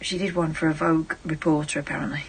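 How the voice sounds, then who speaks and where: A woman's voice: deep voice, flat delivery, fast talker, husky. A woman co-hosting a late-night radio show, making dry, wry asides. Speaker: radio co-host.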